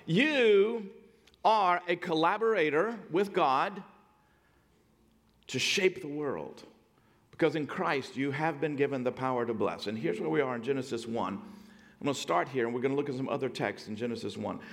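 A middle-aged man preaching a sermon, telling stories and moving from hushed, quiet passages to loud, emphatic points. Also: mid-range voice, fairly quick, gravelly, big-room sound. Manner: storytelling, dynamic swings from hushed to loud emphatic. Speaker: pastor.

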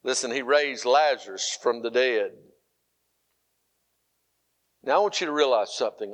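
A middle-aged male pastor preaching an animated sermon, moving between loud, emphatic lines and softer, quiet ones. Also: mid-range voice, a little slow, pauses often.

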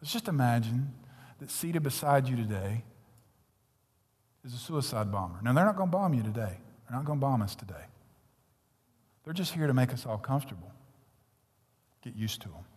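A man preaching a sermon, blunt and intense, swinging from loud peaks to hushed whispers. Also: medium pitch, breathy edge, big-room sound. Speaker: pastor.

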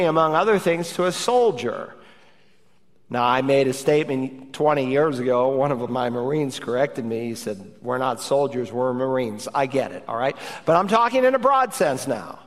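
A man's voice: high-pitched, in a large hall. A middle-aged man, a pastor, preaching a sermon with emphatic, urgent exhortation.

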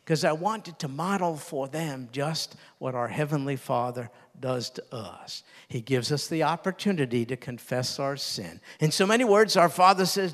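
An older man preaching a sermon who talks earnestly and drops low and soft when he quotes tender words. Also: expressive, moderate pace, hardly any pauses. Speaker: pastor. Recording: long reverb.

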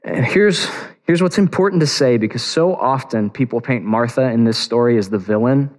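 A man preaching a sermon in a relaxed, conversational tone, often restarting phrases as he retells the story with animated flair. His voice sits at an ordinary middle pitch. It rings out with a long reverb, as in a large church hall. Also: moderate pace.

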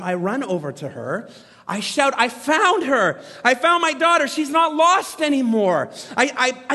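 A man in his thirties telling a story in a sermon as a pastor, animated and poking fun at himself. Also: very high-pitched. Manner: animated, self-mocking humor. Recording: long reverb from a large hall.

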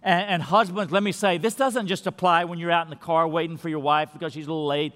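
High-voiced pastor preaching in a reverberant church. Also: male voice, fairly even intonation, fast. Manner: earnest, repeats key words, drops to a hush for emphasis. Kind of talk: sermon. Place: large church sanctuary. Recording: long hall reverb in a big church.

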